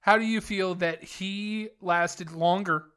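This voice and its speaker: Male podcast co-host with a bright tone, teasing and firing off questions. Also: high voice, steady tone, clean tone. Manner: teasing, rapid-fire questions. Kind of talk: casual chat, asking questions.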